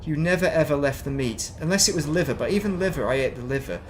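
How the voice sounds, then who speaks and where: A man's voice: fairly high pitch, lively intonation, fast talker, slight background noise. Rambling man streaming. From northern England. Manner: rambling, chatty, self-mocking. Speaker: game streamer. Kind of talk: casual chat while streaming gameplay.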